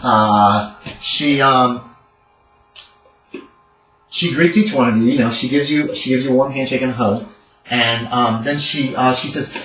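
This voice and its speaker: A man's voice: medium pitch, measured pace, pauses often, a bit bright, soft background music. A man narrating a tabletop horror game as game master, casual and rambling with many fillers. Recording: dull roomy recording.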